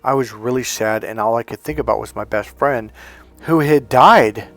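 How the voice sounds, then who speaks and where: A man's voice: mid-range voice, moderate pace, a bit bright. A man working as a life coach, telling a personal story in a reflective, conversational way with restarts and fillers.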